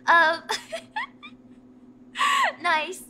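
A woman's voice: extremely high pitch, huge pitch swings, very slow, bright, forceful tone, a little hiss or hum. A woman hosting a stream in casual chat with a guest, chatty and often breaking into giggles mid-sentence. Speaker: streamer host.

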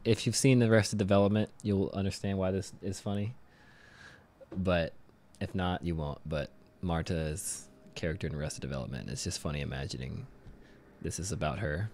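A man's voice: deep voice, normal speed, darkish tone, slight background noise. Joking, laughing streamer man. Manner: joking, swearing casually, laughing often. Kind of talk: casual live gaming stream chat. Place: home room.

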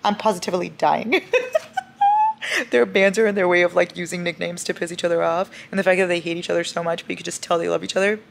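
A woman's voice: on the low side, little pitch movement, racing, creaky, few pauses. A young woman vlogging at home at night, chatting in a gushing, playful way about books. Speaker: book vlogger. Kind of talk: casual reading vlog chat.

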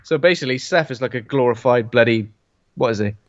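A man's voice: mid-range voice, fast talker, highs cut off. A man, co-hosting a casual horror film podcast and joking around. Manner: jokey, slips into silly voices. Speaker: podcast co-host.

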